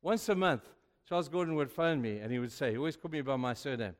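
A male pastor preaching a sermon, telling stories with sudden swings between hushed and loud. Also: medium pitch, expressive, fast. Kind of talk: sermon with storytelling. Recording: long reverb of a large hall.

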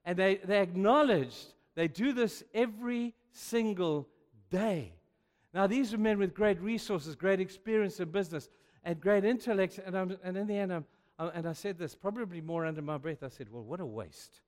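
An older man with a high-pitched voice preaches a sermon at normal speed, telling stories and acting out the dialogue with mounting energy. His delivery is animated, the voice rising as he plays the characters. The long reverb of a hall surrounds him.

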